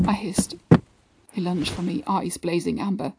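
A woman narrating an erotic story in a slow, breathy way, often sinking into hushed whispers. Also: fairly low pitch, poor audio. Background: background music.

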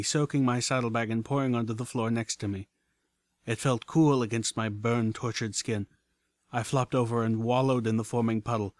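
A man reading a story aloud in the first person, earnest and steady. His voice sits mid-range and sounds close and dry. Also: medium pitch, no room sound. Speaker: audiobook narrator.

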